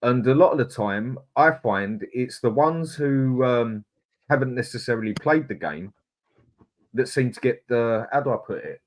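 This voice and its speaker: A man's voice: medium pitch, animated, normal speed. Hesitant man sharing football views. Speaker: podcast co-host. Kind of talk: casual football chat.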